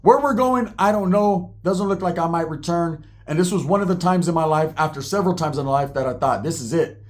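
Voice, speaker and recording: A man's voice: on the high side, brisk. A man telling a wild personal story in casual, profane, slang-filled talk, acting out the people he quotes.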